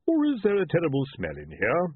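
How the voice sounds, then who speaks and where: A man voicing an excitable, blustering older male chief priest in a spoken story. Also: on the high side, fairly quick, husky, no room sound, pitched above the performer's own voice, full character voice. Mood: uneasy. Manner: excitable, blurting. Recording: tinny phone-like line.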